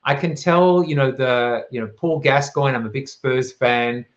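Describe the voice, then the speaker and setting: South African male host, playful rhetorical delivery, mid pitch, lo-fi sound. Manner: rhetorical, playful, quick asides. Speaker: show host. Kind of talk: live-streamed talk show.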